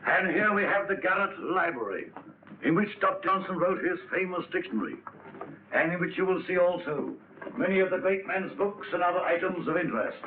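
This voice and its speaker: A man's voice: high voice, lively intonation, fairly quick. An actor playing a fussy male museum tour guide, reciting to visitors like a showman. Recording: tinny old film soundtrack with faint noise.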